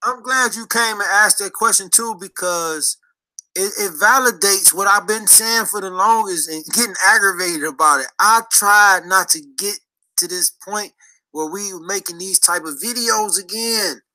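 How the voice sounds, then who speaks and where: A man with a fairly high, bright voice hosts a live stream in a loose, joking manner. His talk is casual and full of profane banter. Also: moderate pace, poor audio.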